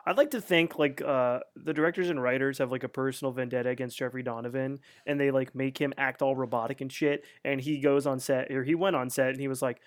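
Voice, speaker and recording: A man's voice: medium pitch, steady tone, fast talker, hardly any pauses. A man co-hosting a podcast, chatting about a TV episode in a laid-back, joking, profane way. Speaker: podcast co-host. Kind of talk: casual chat recapping a TV episode.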